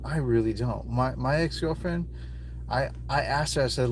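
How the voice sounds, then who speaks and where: A man's voice: medium pitch, moderate pace, slight background noise. A man talking casually to viewers on a live stream from his phone, rambling and emotional and swearing often, seemingly from inside a car.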